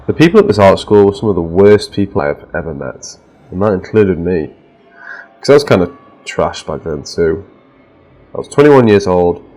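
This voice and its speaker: A man reading a first-person horror story aloud as a scripted narration, with a steady, measured delivery. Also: deep voice, low-quality recording.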